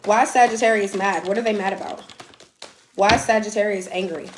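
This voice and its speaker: A woman's voice: medium pitch, steady tone, brisk, reverberant, noisy background. A woman giving a casual, blunt live tarot reading, chatty and swearing now and then. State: out of breath. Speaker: tarot reader.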